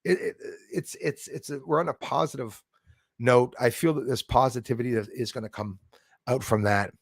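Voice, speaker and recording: A man's voice: mid-range voice, normal speed, gravelly, slightly rough, dry recording, studio quality. A man from Canada hosting a casual livestream, talking in a rambling, heated, blunt way with many restarts. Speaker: livestream host reading chat.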